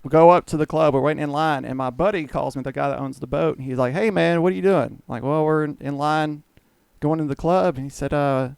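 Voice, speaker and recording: A man's voice: fairly high pitch, fairly even intonation, a little fast, vocal fry, darkish tone, clean tone, no room sound. A man casually telling a long story on a podcast, swearing freely and acting out what others said. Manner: rambling, profane, acts out quoted dialogue. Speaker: guest storyteller.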